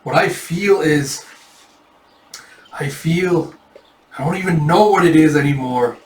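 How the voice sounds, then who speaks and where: A man's voice: fairly high pitch, slow. A brooding young nobleman, sunk in guilt and self-pity, as a man reads him out with a slightly raised voice. It comes across like a storybook reading. The sound is roomy and a bit distant from the mic. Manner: mopey, self-pitying. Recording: echoey room, mic at a distance.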